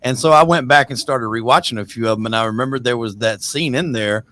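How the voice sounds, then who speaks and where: A man's voice: medium pitch, fast, bright, forceful tone. A man hosting a casual interview, asking questions in an easygoing way with lots of fillers like "um" and "like". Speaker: podcast host.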